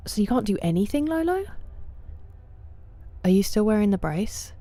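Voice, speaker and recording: A woman streaming a game, chatting casually with viewers, greeting them by name and often dropping to a soft near-whisper. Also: mid-range voice, very animated, normal speed, no echo. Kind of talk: casual live-stream chat while gaming.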